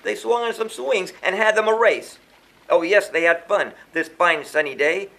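A man's voice: sits high, moderate pace, gravelly, bright, forceful tone. A man reading a rhyming children's story aloud in a sing-song way, chanting the refrains.

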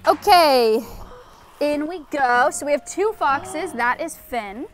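A woman's voice: sits high, animated, takes it slowly, a little hiss or hum. A woman guiding a tour of an outdoor animal enclosure and explaining the animals in an informative way, with a few fillers. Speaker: sanctuary guide. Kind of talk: educational tour talk.

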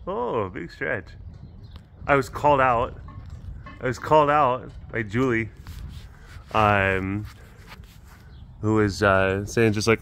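A man hosting a casual walkaround vlog at a big cat rescue, chatting, laughing often and cooing softly to the cats. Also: medium pitch, takes it slowly, vocal fry, long pauses, a little hiss or hum. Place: outdoors at an animal compound.

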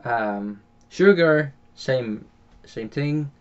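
A man's voice: mid-range voice, expressive, drawn-out words, smooth. Hesitant Dutch-accented man on a dull mic. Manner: hesitant, many filler sounds and restarts. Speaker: game channel host. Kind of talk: casual gameplay commentary voiced afterwards.

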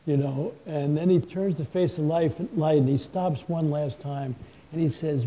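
Dark-voiced man telling stories on stage. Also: a little high, moderate pace, low-quality recording. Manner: folksy anecdotes, lively retelling with quotes. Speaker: guest author. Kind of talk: live stage conversation, storytelling.

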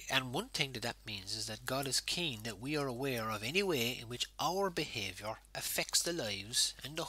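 A man's voice: mid-range voice, bright, forceful tone, slightly rough. A man with an Irish accent, a pastor giving an informal home worship sermon in a conversational way with fillers.

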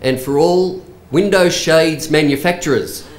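A middle-aged man with a husky, hoarse voice gives a response speech for his father, telling humorous anecdotes and engaging the audience. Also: on the high side, measured pace, noisy background. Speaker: son of the honoree, giving a response speech. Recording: echoey hall with faint ambience.

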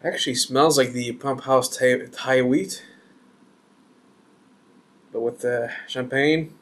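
A man's voice: medium pitch, fairly even intonation, takes it slowly, fairly bright tone. A man reviewing a beer on camera, chatty and joking as he thinks aloud. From Canada.

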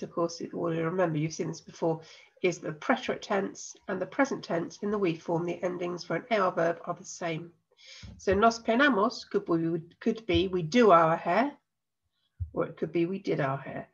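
Husky woman teacher with a cold. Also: on the low side, muffled recording. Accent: English. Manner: patient, explanatory, spells out endings slowly. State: has a cold. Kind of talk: recorded online lesson.

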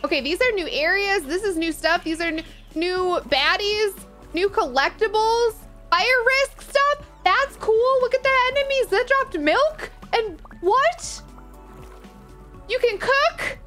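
Woman, high-pitched, gushing live reaction commentary, faint music underneath. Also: slow pace. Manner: excitable, gushing, exclaiming. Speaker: gaming streamer.

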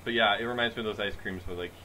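A man's voice: fairly low pitch, steady tone, rapid-fire, pushed and bright, slight background noise, poor audio. A man co-hosting a podcast, bantering casually and laughing often. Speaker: podcast co-host.

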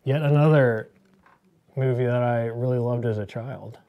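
A man's voice: mid-range voice, steady tone, moderate pace, phone-quality sound. A man in his thirties hosting a casual painting demo, joking and rambling into movie tangents as he works.

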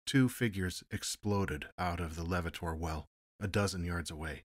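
A man narrating an audiobook in a measured, steady storytelling manner. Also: deep voice, husky, dry recording, clean studio sound. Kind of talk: audiobook reading.

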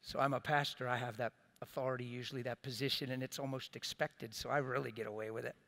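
A middle-aged man preaching a sermon as a pastor, earnest and impassioned, swinging between loud bursts and quiet, soft asides. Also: medium pitch, flat delivery, fast, creaky.

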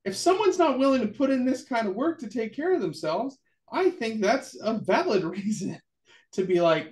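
A man's voice: very high-pitched, normal speed. A man co-hosting a casual church talk show, joking and musing aloud, then reading scripture verses. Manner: animated, jokey, muses aloud. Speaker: church podcast co-host.

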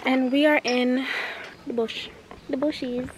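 A woman's voice: high-pitched, little pitch movement, unhurried, background noise. A woman in her twenties from Jamaica, chatting casually to camera in a vlog. She laughs often and coos at pets. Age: 20s. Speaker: vlogger. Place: in a car, then outdoors at a family home.

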